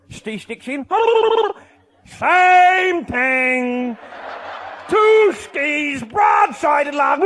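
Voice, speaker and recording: A man with a Newfoundland accent telling a comic tall tale, boisterous, often shouting and laughing mid-sentence. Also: extremely high pitch, expressive, very slow, some chatter behind. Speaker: comic storyteller.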